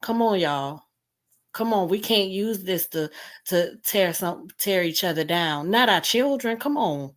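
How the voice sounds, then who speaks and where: A woman with a lowish voice hosts a live stream talk. She pleads with her listeners and keeps repeating her key phrases. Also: animated, a little slow. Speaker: host.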